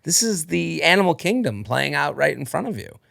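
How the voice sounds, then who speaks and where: A man's voice: a little high, big pitch swings, fairly quick, vocal fry, bright, forceful tone, no echo, clean studio sound. A man co-hosting a podcast, trading wry, joking banter in casual chat. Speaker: podcast co-host.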